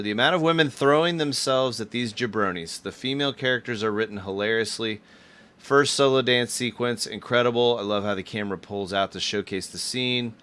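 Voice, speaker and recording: Bright, clear-voiced man hosting a chat. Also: mid-range voice, moderate pace. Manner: reads out his own notes, easygoing. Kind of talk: casual movie discussion.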